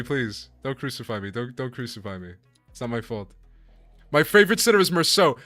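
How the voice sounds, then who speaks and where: Bright-voiced man streaming a game casually. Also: on the high side, brisk, no room sound, clean studio sound, faint music behind. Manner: casual, profane, laughs often, apologetic to chat. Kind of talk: live game stream, chatting with viewers.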